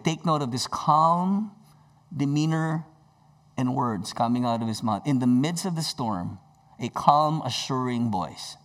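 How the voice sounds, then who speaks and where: High-voiced man preaching a sermon. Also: lively intonation, measured pace. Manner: dynamic preaching with sudden swings in pitch and volume. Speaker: pastor.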